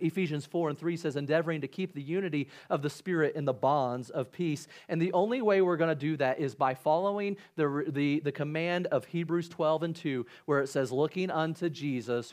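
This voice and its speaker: A male pastor delivering a sermon and altar call, rising to loud, high preaching peaks, then dropping to a soft, gentle invitation. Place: church auditorium.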